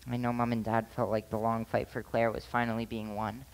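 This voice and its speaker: A man's voice: mid-range voice, monotone, fairly quick, slight background noise, close to an everyday voice, poor audio. Older brother narrating his story, young guy acting it, school stage play, middling voice. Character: Aaron, older sibling narrating, grieving cat owner. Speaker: student actor.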